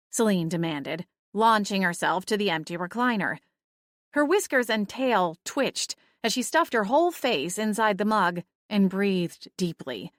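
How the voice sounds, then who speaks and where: Woman narrator, audiobook, steady, mid-pitched, dry close mic. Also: moderate pace, no echo. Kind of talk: scripted first-person narration.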